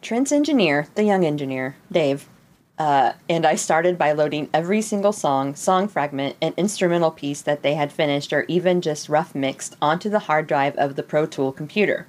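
A woman with a slightly low voice co-hosts a casual podcast. She reads passages aloud and then drifts into chat. She is giggly and swears freely. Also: expressive, normal speed, darkish tone. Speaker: podcast co-host.

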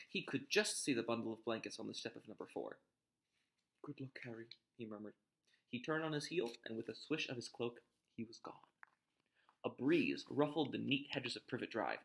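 A man reads a storybook aloud with a lively, expressive delivery. His pitch moves freely up and down as he narrates. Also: vocal fry. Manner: expressive, animated reading. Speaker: reader.

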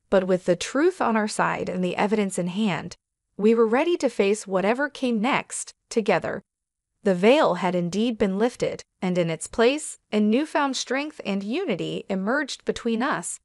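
A woman reading a scripted first-person story in a steady, even manner. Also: mid-range voice, no echo, clean studio sound. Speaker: narrator.

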